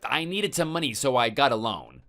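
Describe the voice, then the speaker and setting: A man's voice: medium pitch, lively intonation, normal speed, a bit bright, faint music behind, close to an everyday voice. A synthetic male voice reading a hot-tempered, threatening husband in a text-message story, defensive and contemptuous. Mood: scornful.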